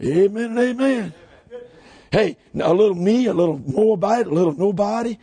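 A man preaching a shouting revival sermon, hollering high, then dropping low. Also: expressive, normal speed, husky, no echo. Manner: hollers with rising pitch, then drops low. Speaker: pastor.

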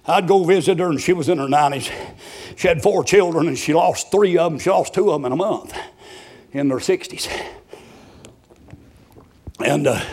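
A man preaching a sermon, shouting and chanting with folksy stories, short of breath. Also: on the high side.

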